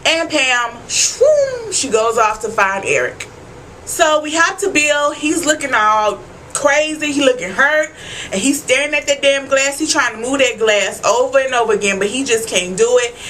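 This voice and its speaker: A high-pitched woman with a bright, sharp tone recapping a TV episode for her viewers. She is animated and slangy, and swears freely as she talks straight to the camera. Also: normal speed, a little hiss or hum, rough recording. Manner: loud asides and frequent swearing. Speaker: vlogger.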